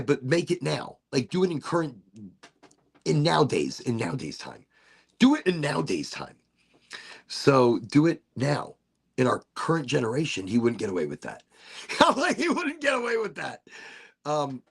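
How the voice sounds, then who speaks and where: A man's voice: fairly high pitch, gravelly, husky. A man hosting a casual podcast chat, telling rambling stories and swearing freely. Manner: rambling, swears a lot, repeats himself. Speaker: podcast host.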